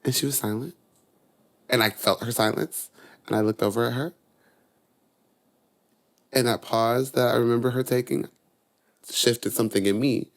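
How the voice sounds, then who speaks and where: A young man on a podcast as a guest, chatting casually and telling lively personal stories. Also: moderate pace, vocal fry, long pauses. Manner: animated storyteller, voices his younger self and mom in higher tones. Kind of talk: casual chat, storytelling.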